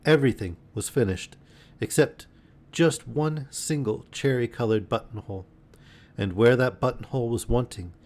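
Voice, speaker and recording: A man reading a storybook aloud in a gentle, unhurried bedtime manner on a live stream. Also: mid-range voice.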